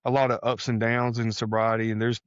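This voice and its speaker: A man from Texas telling a personal story on a podcast, animated, acting out the voices of people he quotes. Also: mid-range voice, fairly quick, clean tone, no room sound, dull audio. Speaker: podcast guest. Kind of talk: casual storytelling.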